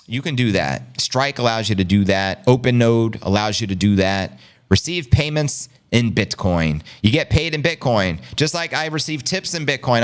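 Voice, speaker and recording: This man from Long Island, New York, has a New York City area accent and a smooth, mid-range voice. He hosts a casual live stream, reading viewer chat in an animated, hype-filled way and calling his audience family.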